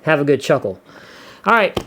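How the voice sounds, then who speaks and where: A man's voice: fairly high pitch, sing-song, moderate pace, fairly bright tone. A man chatting casually to camera in a folksy, rambling way, full of "you know" and restarts. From Gulf Coast of the US. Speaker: vlogger.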